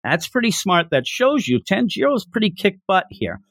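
A man hosting a podcast, retelling a chapter in an animated, enthusiastic way. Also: high-pitched, moderate pace, no room sound, studio quality. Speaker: podcast host. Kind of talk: casual chapter recap.

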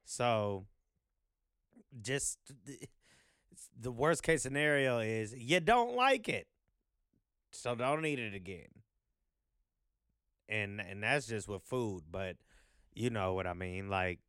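A man's voice: on the low side, lively intonation, takes it slowly, long pauses, fairly bright tone, clean tone, no echo, studio quality. A man hosting a vlog, talking in a loose, profane, rambling monologue full of fillers. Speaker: vlog host.

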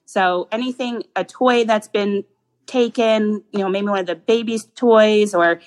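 A woman's voice: medium pitch, a little slow, poor audio. A young woman guest in a casual podcast interview, talking fondly and often restarting her phrases.

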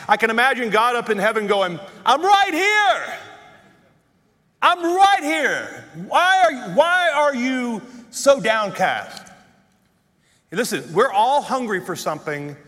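A man's voice: sits high, sharp tone. A male preacher delivering an impassioned sermon, repeating phrases for emphasis. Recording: long hall reverb.

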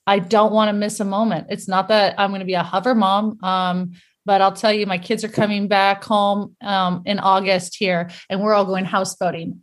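A middle-aged woman from the United States, a guest in a casual interview, telling animated stories and laughing often. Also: mid-range voice.

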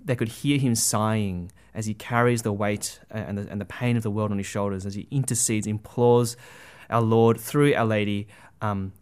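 A Catholic speaker gives an earnest, conversational religious talk, sprinkling in asides like "you know" and "right?" and often restarting sentences. His voice sits lowish and a bit dark, with a steady tone at normal speed, and the sound is clean.

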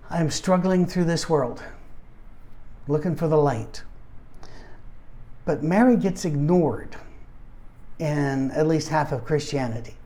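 An older man preaching in a relaxed, conversational way, telling a personal story with self-deprecating humor and acting out the voices he quotes. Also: fairly high pitch.

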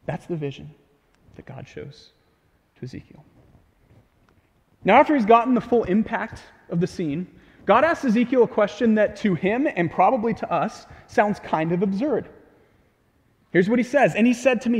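A man's voice: sits high, lively intonation, moderate pace, long pauses. A man preaching a sermon in a casual, conversational way with light humor. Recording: long hall reverb.

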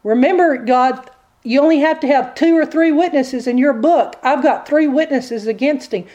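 A woman's voice: high-pitched, moderate pace, dark tone, lo-fi sound, voice pushed up, close to an everyday voice. A woman voicing an insistent male devil who accuses a man before God like a prosecutor in a sermon. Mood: gloating.

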